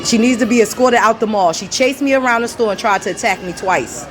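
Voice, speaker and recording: A woman's voice: on the high side, fairly quick, a crowd in the background, background noise. A woman filming on her phone in a mall store, indignantly telling onlookers what happened to her. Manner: indignant, loud, talks to onlookers. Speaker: shopper filming a confrontation. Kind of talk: heated confrontation. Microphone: phone camera held by the speaker.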